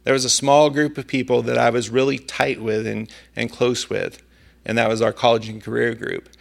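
A man's voice: medium pitch, level tone, moderate pace, gravelly. A male preacher delivering a sermon, telling a personal story in a conversational manner.

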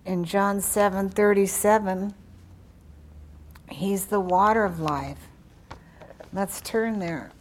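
A woman preaching a sermon, praying fervently and reading scripture aloud with emphasis. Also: mid-range voice. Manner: slow, emphatic delivery with fervent prayer.

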